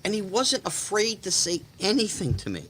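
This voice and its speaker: A man in his fifties, a guest in a casual chat, telling anecdotes with animated delivery and slipping into other people's voices. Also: high voice, moderate pace, crowd noise. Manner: animated, acts out quoted voices. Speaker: guest storyteller.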